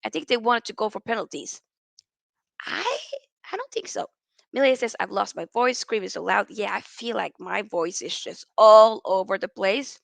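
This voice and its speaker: A woman hosts a live football reaction stream, ranting in exasperation and reading out viewer chat comments. Her voice is medium-pitched and creaky, at a moderate pace with few pauses, and there's no echo.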